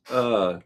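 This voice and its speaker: A man hosting his weekly live stream, chatting casually with viewers in a musing, rambling, joking way. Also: a bit bright.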